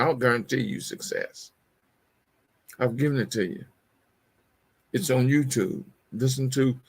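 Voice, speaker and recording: Hosting a motivational talk show, a middle-aged man lectures his audience, repeats key phrases and keeps calling them y'all. His medium-pitched voice is gravelly with an edge of vocal fry.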